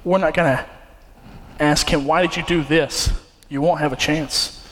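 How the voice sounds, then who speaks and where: Casting: young man, fairly high voice, earnest conversational preacher, hall reverb. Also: fairly even intonation, a little slow, a bit bright. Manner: earnest, conversational, many fillers and restarts. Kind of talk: sermon with personal story. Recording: long hall reverb, faint ambience.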